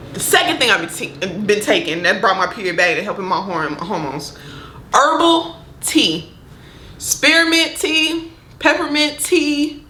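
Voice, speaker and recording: A woman's voice: fairly high pitch, pushed and bright, echoey room. A young adult woman talking frankly and chattily to her viewers in a personal vlog. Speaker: vlogger.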